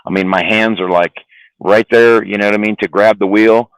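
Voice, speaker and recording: Gruff-sounding low male trucker, swears freely, dry close sound. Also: steady tone, moderate pace, no room sound, rough recording. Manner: rambling, profane, repeats words. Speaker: trucker guest. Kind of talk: casual storytelling on a live stream.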